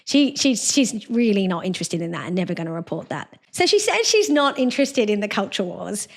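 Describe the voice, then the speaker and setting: A woman's voice: mid-range voice, very animated, brisk. A woman hosting a podcast, giving an indignant, scornful solo commentary with derisive laughs. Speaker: podcast host.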